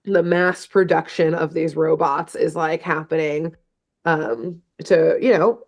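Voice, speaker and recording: A woman's voice: deep voice, steady tone, a little slow. A woman co-hosting a podcast, casually recapping a cartoon episode in a rambling way, filling her talk with "like" and "um". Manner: rambling, full of "like" and fillers; laughs at her own jokes. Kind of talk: casual chat.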